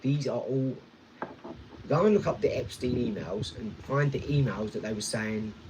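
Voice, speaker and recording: A man's voice: mid-range voice, moderate pace, noisy background. Male vlogger, blunt, rambling, talks straight to the viewer. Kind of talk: casual rambling vlog talk.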